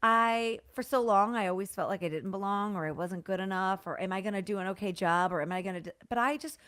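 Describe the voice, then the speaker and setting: A woman guest on a podcast, telling a heartfelt story in an animated way, tearful and laughing at once. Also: medium pitch, fast, dry recording. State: crying. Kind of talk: emotional interview storytelling.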